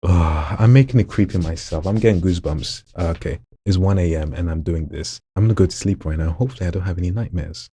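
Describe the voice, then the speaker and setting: A man with a very deep, gravelly voice full of vocal fry, chatting casually and jokingly in a vlog while showing off voices at home late at night. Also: fast talker, hardly any pauses, a little hiss or hum. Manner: relaxed, chatty, jokey asides. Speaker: hobby voice actor.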